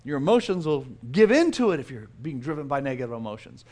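Middle-aged man, pastor, high voice, animated self-mocking sermon. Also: fast talker.

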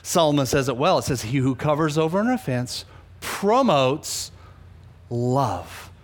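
A man preaching a sermon, animated, swinging between loud emphasis and hushed asides, often repeating words for emphasis. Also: mid-range voice, a little slow. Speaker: pastor.

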